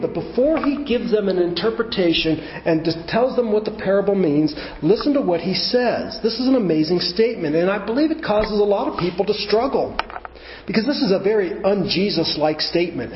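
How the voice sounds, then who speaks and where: A man's voice: sits high, a little hiss or hum. A man preaching a teaching sermon, explaining step by step and rising to emphatic questions. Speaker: pastor. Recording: roomy, dull church recording.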